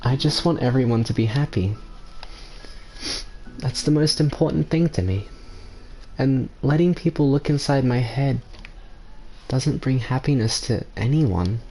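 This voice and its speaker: A man reading the lines of a gentle, earnest schoolgirl from a visual novel, in a soft, slightly raised voice. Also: mid-range voice, unhurried, pauses often, a little hiss or hum, lightly acted.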